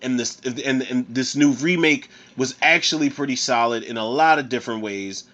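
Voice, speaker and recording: A man from Philadelphia hosting a tipsy movie commentary, talking in an excitable, profane way with laughing asides. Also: medium pitch, moderate pace, muffled recording. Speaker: podcast host.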